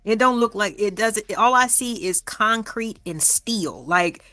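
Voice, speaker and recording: A woman's voice: medium pitch, unhurried, sharp tone, dry recording. A woman with a Southern American accent hosting a stream, teasing her guest and laughing often. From Southern United States. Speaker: stream host. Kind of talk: casual banter.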